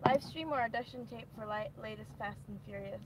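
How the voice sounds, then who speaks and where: A woman's voice: a little high, fairly quick. A woman riding as a passenger in a car, reading live-stream chat comments aloud in a playful way. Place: inside a moving car. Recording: road noise from a moving car.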